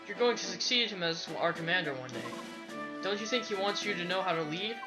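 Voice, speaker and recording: A let's play commentator voicing a calm female knight who encourages a young leader, with game music playing behind. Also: mid-range voice, fairly quick, close to an everyday voice, rough recording. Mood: encouraging. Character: calm advising female knight, gentle mentor.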